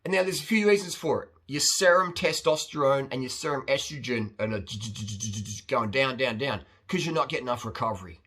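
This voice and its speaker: A man hosting a casual advice monologue, talking bluntly and rambling, animated as he acts out other people's voices. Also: medium pitch, a little fast, hardly any pauses, slightly rough. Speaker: host answering viewer questions.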